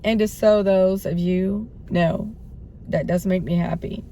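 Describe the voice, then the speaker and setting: Woman, middle-aged, hoarse, rambling vlog chat, mid-pitched, faint background noise. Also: steady tone, measured pace, warm tone. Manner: rambling, self-doubting, laughs between thoughts. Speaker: vlogger.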